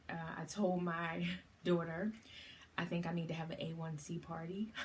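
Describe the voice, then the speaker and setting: A middle-aged woman retelling a story to camera in a chatty, animated way, with many fillers. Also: on the low side, creaky, a little hiss or hum. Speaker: vlogger.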